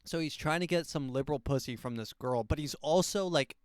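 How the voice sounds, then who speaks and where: A man's voice: on the high side, brisk, clear, resonant tone, no echo, clean studio sound. A man hosting a podcast, rambling through a casual book review and breaking into silly voices for quotes. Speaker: podcast host.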